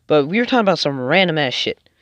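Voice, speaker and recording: A man's voice: on the high side, very animated, fast, fairly bright tone, no room sound. A young man rambling through a personal story in a casual, filler-heavy way, swearing often. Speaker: storytime vlogger. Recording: dull lo-fi dry sound.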